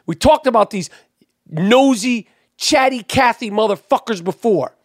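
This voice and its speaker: High-voiced man, profane podcast host. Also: lively intonation, unhurried, no echo, studio quality. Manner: profane, heated storytelling. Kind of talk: casual chat.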